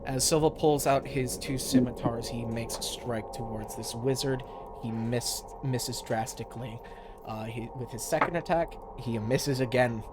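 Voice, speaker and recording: A man narrating a tabletop game as game master, brisk and stumbling at times. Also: mid-range voice, very noisy.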